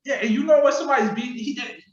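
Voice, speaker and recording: A man hosting a podcast, telling a story in casual chat with animated, profane slang and acted-out quotes over a video call. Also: extremely high pitch, quick pace. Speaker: podcast host. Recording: distant echoey lo-fi video call audio.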